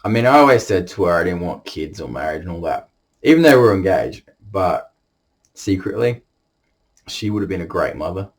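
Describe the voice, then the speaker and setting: Man on the verge of tears, lowish voice, halting confession, restarts often. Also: animated. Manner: halting, emotional, many restarts. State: holding back tears. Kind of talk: emotional personal confession to camera.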